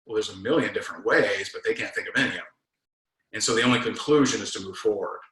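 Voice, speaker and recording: A man coaching network marketers in a casual talk, animated and acting out both sides of sales conversations. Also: on the low side, fast talker, echoey room, poor audio.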